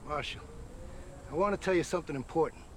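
A man's voice: on the high side, fast, heavy background noise, natural voice. An actor playing a nervous gunman who pleads and chatters to talk his way closer, in a TV drama. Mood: wheedling. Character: nervous, wheedling male gunman. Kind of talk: TV drama acting. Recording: faint outdoor ambience.

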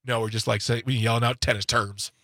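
A man in his forties co-hosting talk radio with a bright, forward voice. He jokes around and pokes fun at himself in loose banter. The studio sound is dry and close. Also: mid-range voice, flat delivery, quick pace, no room sound. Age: 40s. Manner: jokey, self-deprecating. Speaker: radio co-host.

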